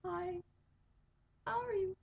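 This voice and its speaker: A young woman voicing an excited, sociable little pet betta fish in a high, squeaky, shouty voice. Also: takes it slowly, heavily acted. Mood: chirpy. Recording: dull lo-fi home recording.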